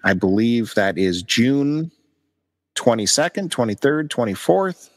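A man's voice: mid-range voice, sing-song, measured pace. A man co-hosting a podcast in casual chat, chatty and teasing as he plugs events. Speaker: podcast co-host.

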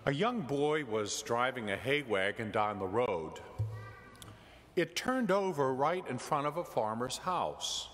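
Slow, lively priest preaching. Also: male voice, mid-range voice. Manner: gentle storytelling with jokes. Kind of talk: sermon. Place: church. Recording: church with long reverb.

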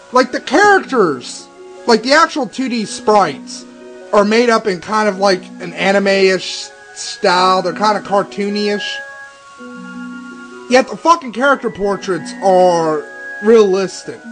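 A young man with a high, bright voice gives sarcastic, profane commentary on a game he is playing. His pitch leaps around as he rants and swears, and faint game music plays under him. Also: expressive, measured pace, rough recording. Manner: ranting, sarcastic, swears constantly. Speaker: let's play commentator.

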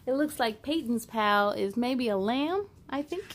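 Young woman, children's read-aloud, high voice, slow, expressive. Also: slight background noise. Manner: expressive, chatty asides to kids. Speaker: storyteller reading aloud to children.

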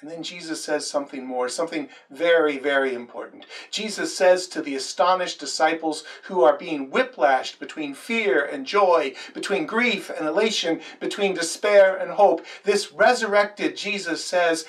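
A man's voice: on the high side, normal speed, few pauses, fairly bright tone, far from the mic. A male pastor preaching a sermon and telling the story dramatically, with quoted lines.

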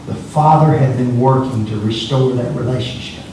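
Preacher's voice echoing from afar. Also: male voice, mid-range voice, normal speed, hardly any pauses, a little mellow, slight background noise. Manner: emphatic, repeats words when speeding up. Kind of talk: sermon. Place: church sanctuary. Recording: echoey church from far off.

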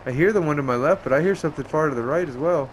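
A man giving profane, excitable running commentary while playing a game, often yelping and exclaiming. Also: on the high side, racing, a little hiss or hum. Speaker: gameplay streamer. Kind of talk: let's play commentary.

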